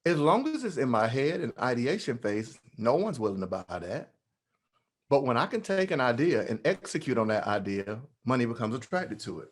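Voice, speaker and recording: Man, motivational speaker, lively swooping pitch, playful preacher-like delivery, online meeting. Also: moderate pace. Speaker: guest speaker. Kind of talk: motivational talk to a group.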